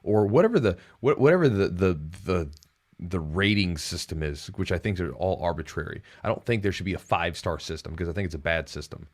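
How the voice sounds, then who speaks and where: A man hosting a podcast in casual chat, talking in an animated, rambling way with sudden jumps in pitch. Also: brisk. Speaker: podcast host.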